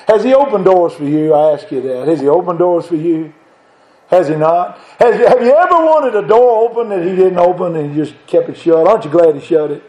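Echoey high-voiced male preacher. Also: warm tone. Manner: rising to emphatic high-pitched exhortation. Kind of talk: sermon. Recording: echoey room.

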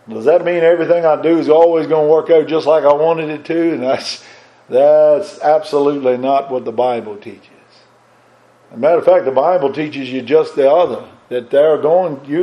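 A man preaching a sermon with a fervent, repetitive cadence, climbing higher and louder on emphatic points and dropping low and soft on reflective ones, with halting restarts. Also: low-quality recording. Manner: rises in pitch and force on emphatic points, drops low and soft on reflective lines.

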